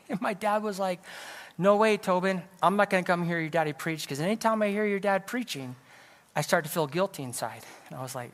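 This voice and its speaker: A man's voice: high voice, brisk, fairly bright tone. Middle-aged man preaching in a reverberant sanctuary. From California. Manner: conversational and storytelling, with self-deprecating jokes. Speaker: evangelist. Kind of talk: sermon. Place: church sanctuary.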